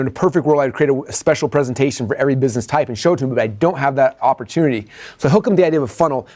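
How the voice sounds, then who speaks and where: Very fast-talking man explaining his pitch. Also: a little mellow. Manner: rapid, conversational, heavy on "like" and "right?". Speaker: coach. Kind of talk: breaking down his own sales presentation.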